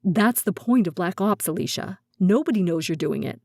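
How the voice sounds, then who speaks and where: A cool, self-assured nineteen-year-old male spy recruiter, as a woman reads him in an audiobook, talking matter-of-factly with a mellow, warm tone. The sound is dry and close, with no room in it. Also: fairly low pitch, lively intonation, moderate pace, gravelly, no echo. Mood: calm. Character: calm, confident teen male spy recruiter. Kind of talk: audiobook character voice.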